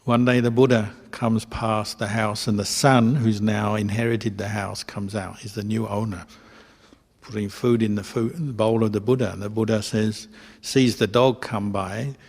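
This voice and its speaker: Gravelly low-voiced monk telling a story. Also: male voice, steady tone, big-room sound. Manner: simple, clipped phrases, unhurried storytelling. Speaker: Buddhist monk teacher. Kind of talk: storytelling dharma talk. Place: retreat hall.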